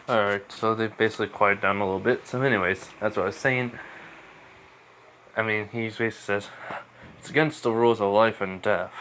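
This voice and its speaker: A man's voice: on the low side, pushed and bright, a little hiss or hum. A man casually retelling a fan story at home, rambling with constant fillers and restarts.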